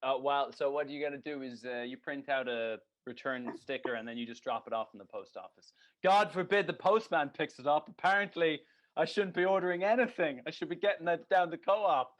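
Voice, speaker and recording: A man's voice: on the high side, fairly quick. A man co-hosting a casual podcast chat, telling stories in a ranting, sweary way and laughing at himself. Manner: ranting, sweary, laughing at his own story. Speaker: podcast co-host. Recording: dull lo-fi podcast audio.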